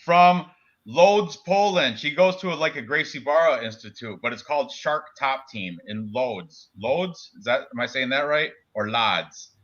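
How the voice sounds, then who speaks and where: A man talks fight picks on a live stream in a loose, rambling way, tripping over names as he goes. His voice is bright and forceful. The audio is dull and lo-fi. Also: medium pitch, expressive, normal speed. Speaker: betting podcast co-host. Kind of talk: casual live-stream sports betting chat.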